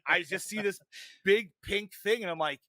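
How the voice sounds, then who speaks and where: A man's voice: high-pitched, normal speed, sharp tone, dry recording. A man hosting a podcast, telling a rambling story in casual chat and swearing a lot. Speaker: podcast host.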